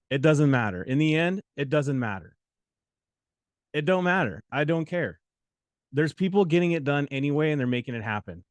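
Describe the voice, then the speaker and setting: A man's voice: mid-range voice, no room sound. Preachy, repetitive male study coach, dry sound. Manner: preachy and repetitive, with joking asides. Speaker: exam prep coach and host. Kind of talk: motivational talk on a study livestream.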